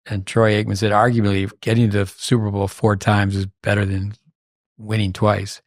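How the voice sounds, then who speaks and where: A man's voice: on the low side, little pitch movement, moderate pace, dry recording, studio quality. An older man hosting a podcast, telling long rambling anecdotes full of fillers and restarts in casual chat. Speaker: podcast host.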